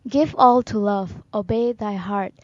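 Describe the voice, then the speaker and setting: A woman co-hosting a radio talk show, reading poems aloud in a measured, solemn way. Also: medium pitch, darkish tone, no room sound, muffled recording.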